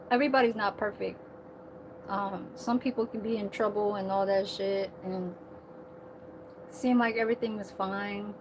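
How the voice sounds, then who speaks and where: With a mid-range voice and noise in the background, a woman vlogs about her job as a server at a senior living community. She rambles casually, curses freely, and laughs at her own asides.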